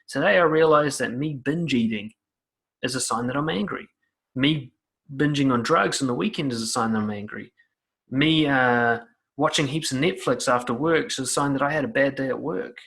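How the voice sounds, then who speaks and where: A man's voice: medium pitch, moderate pace, gravelly, fairly bright tone. A man giving blunt, profane self-help advice straight to the viewer in an emphatic monologue.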